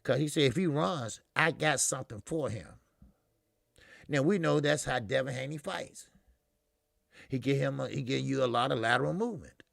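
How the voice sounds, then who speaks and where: A man's voice: mid-range voice, creaky, no echo, clean studio sound. A middle-aged man hosting a casual boxing live stream, talking loosely with lots of swearing and fillers, answering viewers in the chat.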